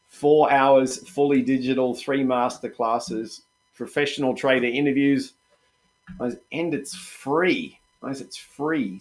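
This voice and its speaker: A man hosting a live trading session, chatty and upbeat, repeatedly calling his viewers "guys". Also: medium pitch. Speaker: trading coach and host.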